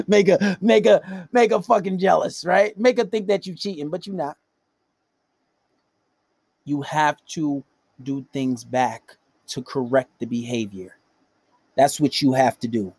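Host, male, blunt and profane, slightly high voice, dry sound. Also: normal speed, a little mellow, no echo. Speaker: podcast host giving dating advice. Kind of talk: casual monologue.

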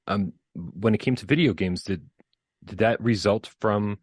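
A male interviewer asks eager, rambling questions full of fillers. His voice is deep and husky, and the recording is dry and close. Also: measured pace, no room sound.

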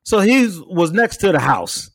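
A young adult man casually telling a story as podcast co-host, animated, swearing freely and acting out the people and cat sounds in it. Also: high voice, unhurried, vocal fry. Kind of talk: casual chat.

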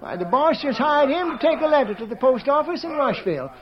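An actor playing an old, gossipy saloon swamper in a muffled old radio drama, with a folksy chattering drawl. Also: male voice, very high voice, very animated, fairly quick. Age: older. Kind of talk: 1940s radio acting.

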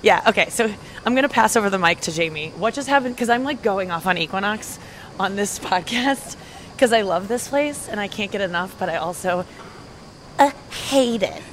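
Excitable woman host on a treadmill. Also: mid-range voice, normal speed, a little hiss or hum. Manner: blunt and excitable. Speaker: podcast host. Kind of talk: casual chat. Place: gym, on a treadmill.

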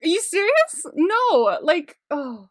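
A young woman co-hosting a casual podcast recap, loud and expressive, often breaking into laughter and mock outrage. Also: very high voice, takes it slowly. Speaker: podcast co-host.

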